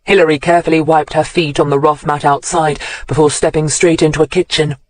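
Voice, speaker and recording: An audiobook narrator reading a mystery novel in a measured, even storytelling manner. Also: medium pitch, no echo, rough recording. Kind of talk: scripted narration.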